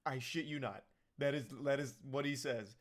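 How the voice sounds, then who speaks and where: A man of middle pitch recaps a film in a loose, comedic way. He rambles with lots of "like" and curses freely. His tone stays sarcastic and mocking throughout. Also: normal speed, slight background noise. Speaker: movie recap commentator. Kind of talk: casual comedic movie recap.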